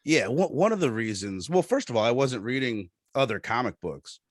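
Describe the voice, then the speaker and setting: A man's voice: mid-range voice, sing-song, moderate pace, no room sound, clean studio sound. A man chatting casually as a podcast guest, rambling and often restarting his sentences.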